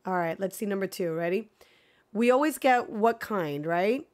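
A woman streaming a video game, chatting casually with viewers and swinging between excited gasps and mock dread. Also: mid-range voice, normal speed. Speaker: gaming streamer. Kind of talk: casual live gameplay chat.

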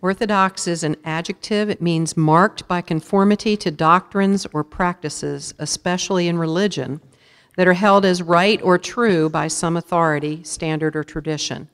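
A woman with a low, deep voice calls out words one by one, saying each clearly and more than once. She reads definitions and sample sentences in a measured, formal tone. Her voice rings with the long reverb of a big school auditorium. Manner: measured, even, repeats each word clearly. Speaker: spelling bee pronouncer. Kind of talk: formal word reading with definitions. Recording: long reverb of a large hall.

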